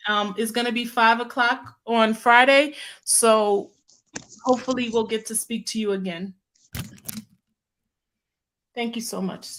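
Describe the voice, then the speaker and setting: A woman's voice: on the high side, steady tone, a little slow, pauses often, a bit bright, slight background noise. Teary, effusive woman streamer. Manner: emotional, effusive, repeats herself. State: teary from crying. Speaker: channel host. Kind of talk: live stream chat.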